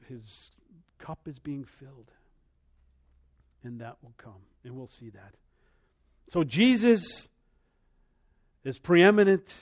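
Here a preacher gives an animated sermon, alternating loud and soft moments and voicing the people he quotes. His pitch is fairly high.

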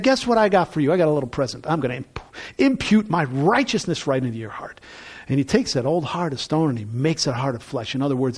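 A man's voice: sits high, slightly rough. A man preaching a sermon in a conversational way, building to emphatic bursts. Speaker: pastor.

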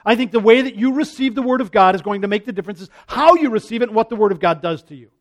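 A man preaching a conversational sermon as a pastor, earnest, repeating his phrases and dropping to a hush when he voices prayers. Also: high voice, very fast.

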